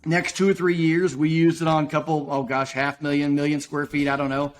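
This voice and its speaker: A man's voice: on the high side, level tone. A man guesting on a podcast, telling a rambling folksy story about his work in casual talk. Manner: folksy, rambling, quick to act out quotes. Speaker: podcast guest, roofing business owner.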